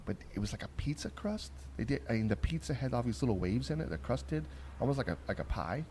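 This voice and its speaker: A man hosting a barbecue podcast, telling stories in a casual, rough-spoken, rambling way with lots of restarts. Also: mid-range voice, lively intonation, fast talker, warm tone, slight background noise. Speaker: podcast host. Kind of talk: casual chat. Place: on location at a barbecue trade conference.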